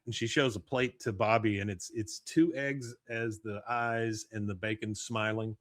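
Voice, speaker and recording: This podcast host has a mid-range voice and talks at normal speed with few pauses, animatedly recapping an episode and performing the characters' lines in casual chat. The studio-quality audio has no echo.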